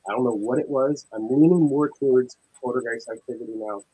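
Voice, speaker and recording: Young male paranormal investigator, husky voice, animated storyteller. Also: mid-range voice, fairly quick, poor audio. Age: young adult. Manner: animated, acts out dialogue in tense retelling. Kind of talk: casual storytelling.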